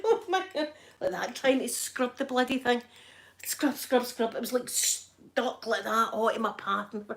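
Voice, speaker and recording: Chatty Glaswegian woman, soft spoken. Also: mid-range voice. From Scotland. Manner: chatty storytelling with frequent laughs and soft asides. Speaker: ASMR livestream host. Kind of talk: casual chat.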